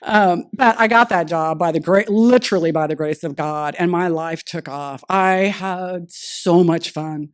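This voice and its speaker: A woman speaking at a recovery meeting, telling her personal story in a lively way and acting out the dialogue she recalls. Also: on the low side, measured pace, hardly any pauses. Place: meeting room.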